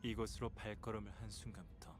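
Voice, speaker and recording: Game role: man playing a smug insider, rapid, cool delivery. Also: on the low side, little pitch movement, soft background music, close to an everyday voice. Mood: taunting.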